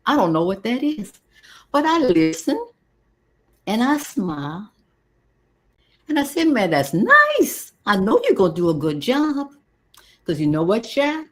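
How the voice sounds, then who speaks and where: A woman performing a kind, folksy older Cajun woman who cleans a dormitory, in a theatrical character monologue with a Cajun Louisiana accent. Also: mid-range voice. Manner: folksy, chatty, drawn-out storytelling.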